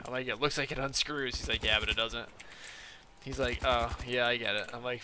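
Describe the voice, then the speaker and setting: A man's voice: mid-range voice, level tone, brisk, sharp tone, slight background noise. A young man chatting casually on a gaming live stream, rambling through a story full of fillers and quoted back-and-forth. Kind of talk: casual live-stream chat while playing.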